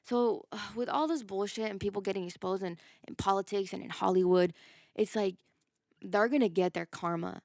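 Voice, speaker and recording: A woman's voice: medium pitch, moderate pace, darkish tone, dry recording, clean studio sound. A woman hosting a podcast, giving a casual, emphatic spiritual monologue, swearing and laughing as she goes. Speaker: podcast host.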